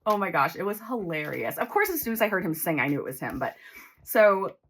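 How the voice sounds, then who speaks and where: A woman in her forties talking casually while counting cash into envelopes, chatty and excitable. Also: on the low side, brisk, breathy edge. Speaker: budgeting vlogger.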